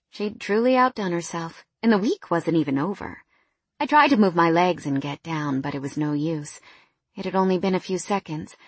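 A woman's voice: lowish voice, a bit bright, dry recording. A woman narrating a first-person novel in a wry, candid tone.

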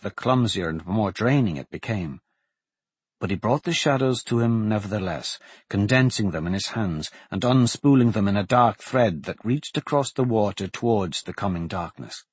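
A man narrating a fantasy audiobook in a measured, steady reading. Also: fairly low pitch, breathy edge, no room sound.

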